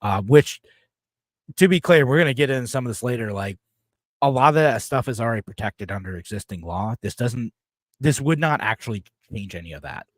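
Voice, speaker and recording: A man's voice: mid-range voice, lively intonation, a little fast, dry recording. A man co-hosting a casual political discussion, explaining legal text in plain terms. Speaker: co-host.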